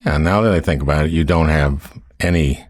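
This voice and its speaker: A man hosting a casual interview in a wry, halting way, with frequent restarts. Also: a bass voice, dry recording, studio quality. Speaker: podcast host.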